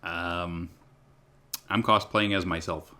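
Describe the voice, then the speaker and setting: A man's voice: sits low, steady tone, takes it slowly, sharp tone, clear, resonant tone. A man hosting a podcast, chatting casually with playful, jokey banter. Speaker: podcast host. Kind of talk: casual chat.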